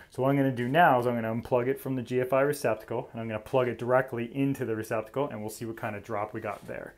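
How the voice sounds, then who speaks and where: A man, an electrician giving a casual, chatty tool demonstration indoors in an old house and explaining each step. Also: medium pitch.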